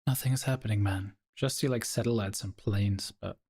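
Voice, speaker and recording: A man's voice: fairly low pitch, moderate pace, a little mellow, slightly rough. Casual male streamer talking to his viewers. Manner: casual and chummy, addressing viewers as guys. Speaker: live stream host reacting to a video. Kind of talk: casual live reaction commentary.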